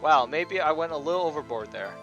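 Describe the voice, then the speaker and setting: A man's voice: fairly high pitch, expressive, fairly quick, bright, forceful tone, highs cut off, soft background music. A man voicing an earnest young male defense attorney who mutters to himself and argues emphatically. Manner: earnest, self-talking, emphatic.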